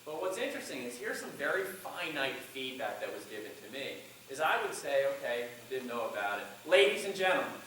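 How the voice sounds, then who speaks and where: A man's voice: mid-range voice, expressive, brisk, few pauses, pushed and bright, a little hiss or hum. A man giving a college class on public speaking, who acts out lines from his own speech as he breaks it down. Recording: echoey classroom from far off.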